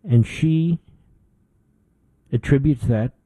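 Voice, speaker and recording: A man's voice: mid-range voice, takes it slowly, warm tone, no room sound, rough recording. A middle-aged man hosting a political talk show, delivering an indignant opinion monologue with emphatic repetition.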